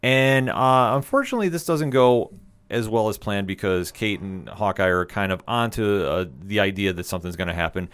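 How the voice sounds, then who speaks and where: A man with a low, smooth voice recaps an episode for a podcast. He talks casually and keeps the story going with fillers and quick asides. His energy is enthusiastic. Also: fairly bright tone. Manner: enthusiastic, rambling retelling with fillers. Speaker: podcast co-host.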